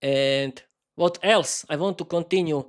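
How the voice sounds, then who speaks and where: A man's voice: fairly high pitch, a little slow. A young man, a non-native English speaker, hosting his own podcast in a solo improvised live stream, rambling with many restarts and repeated words, earnest and laughing at himself. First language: not English. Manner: earnest and self-mocking, often laughing at himself. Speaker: podcast host.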